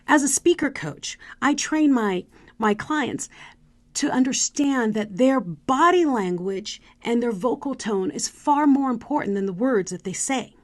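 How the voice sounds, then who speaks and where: A middle-aged woman, a speaker coach, giving an animated motivational talk with demonstrative asides. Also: on the high side, measured pace.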